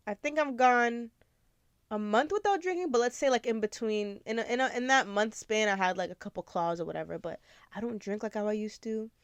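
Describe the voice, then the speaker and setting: A woman's voice: mid-range voice, smooth, dry recording. A woman in her twenties hosting a podcast, talking candidly and rambling with lots of fillers. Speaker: podcast host. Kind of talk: casual confessional chat.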